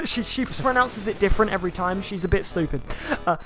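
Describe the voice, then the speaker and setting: A game streamer giving chatty, rambling gameplay commentary that bursts into excited shouts. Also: medium pitch, fast talker, soft background music.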